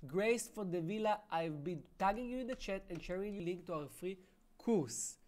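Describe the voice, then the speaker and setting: A man's voice: sits high, animated, moderate pace, a little mellow. A man hosting a live webinar Q&A, reading out viewer questions and answering them in a casual, friendly way. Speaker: webinar host.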